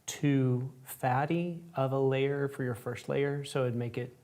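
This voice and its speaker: A male painting teacher hosting a live-stream lesson. He talks in a loose, rambling way, full of "like" and "um." His voice sits at an ordinary middle pitch. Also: fairly even intonation, unhurried, a little mellow. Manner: casual, rambling with fillers. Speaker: art instructor and host.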